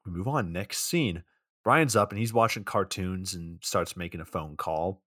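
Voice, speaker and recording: A man's voice: low voice, moderate pace, a bit bright, no room sound, clean studio sound. A man co-hosting a podcast in casual chat, recapping a movie scene by scene and acting out quoted lines. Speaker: podcast co-host.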